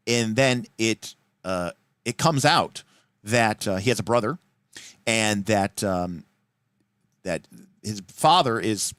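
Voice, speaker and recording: A man's voice: lowish voice, fairly bright tone, dry recording. A man teaching a tabletop role-playing game on a livestream, talking casually and enthusiastically, wandering into asides and acting out quoted lines.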